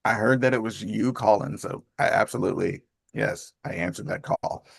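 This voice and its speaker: A man's voice: lowish voice, moderate pace, vocal fry, slightly rough, dry recording, studio quality. A man in his fifties hosting a group call, chatting casually in a rambling way and laughing often. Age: 50s. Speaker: host of an accountability call.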